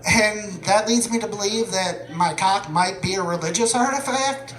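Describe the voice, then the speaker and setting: High-voiced man doing stand-up. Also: normal speed, fairly bright tone, roomy sound. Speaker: stand-up comedian. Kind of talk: stand-up comedy set. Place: comedy venue stage.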